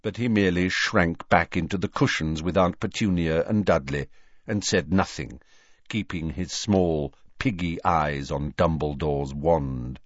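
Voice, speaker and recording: Male narrator, audiobook, unhurried, expressive, dry, slightly muffled. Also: low voice, dry recording.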